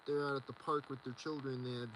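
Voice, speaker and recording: A man's voice: medium pitch, flat delivery, fast, a bit bright, a little hiss or hum, rough recording. A man rambling in a solo video monologue, agitated and repetitive as he rants. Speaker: vlogger.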